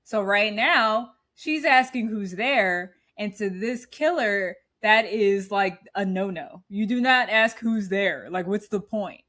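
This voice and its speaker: A woman's voice: mid-range voice, slow pace, hardly any pauses. A woman in her thirties co-hosting a podcast, animatedly recapping a movie in casual chat and laughing often. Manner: animated, laughing, retells scenes. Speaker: podcast co-host.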